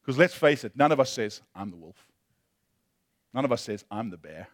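A male pastor preaching a sermon, impassioned, moving between loud emphasis and hushed storytelling. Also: medium pitch, lively intonation, normal speed, pauses often, no room sound, clean studio sound.

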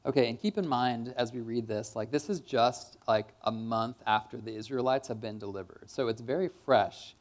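A man's voice: medium pitch, normal speed, hardly any pauses. A man preaching a sermon in a church, in a casual, conversational way with lots of "kind of" and "like.".

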